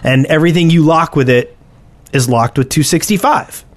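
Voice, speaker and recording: A man's voice: fairly high pitch, normal speed. A man co-hosting a casual podcast, explaining ideas and sometimes putting on voices for imagined players. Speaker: podcast co-host. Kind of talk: casual chat.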